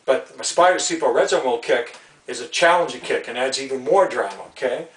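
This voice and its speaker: A man's voice: mid-range voice, animated, fast talker, a bit bright, reverberant, distant mic, poor audio. A man from Canada ranting angrily in a video, repeating himself and stumbling over restarts. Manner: angry, repetitive, stammering restarts. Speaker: video ranter about football rules. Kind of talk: heated solo rant video.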